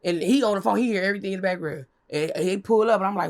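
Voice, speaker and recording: A young woman telling a story as an interview guest, animated and profane, acting out what others said in a high voice. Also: fast talker, gravelly. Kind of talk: casual storytelling.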